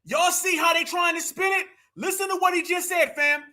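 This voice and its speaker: American guy hosting a live commentary rant, yelling and mocking, voice up high and sharp. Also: steady tone, moderate pace. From United States. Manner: loud, mocking, often shouting. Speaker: commentary show host.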